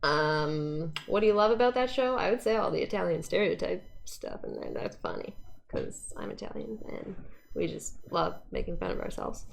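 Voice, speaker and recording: A woman's voice: fairly low pitch, big pitch swings, normal speed, gravelly. A young woman from Canada, a cosplayer chatting casually as an interview guest, laughing often and mimicking voices.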